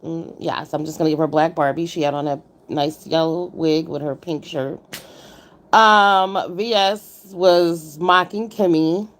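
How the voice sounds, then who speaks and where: Woman streamer, blunt, slightly low voice, chatty commentary. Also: steady tone, unhurried. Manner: blunt, greets chat viewers by name. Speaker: livestream host reviewing a contest. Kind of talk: casual livestream commentary.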